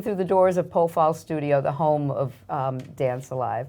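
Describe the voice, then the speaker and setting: An older woman speaks in a strong New York accent with a low voice. She talks in a chatty, effusive way, and she makes light of herself. She sounds like a relaxed interview guest. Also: normal speed. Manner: chatty, self-deprecating, warm and effusive. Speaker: guest, arts nonprofit marketing director. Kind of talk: casual interview chat.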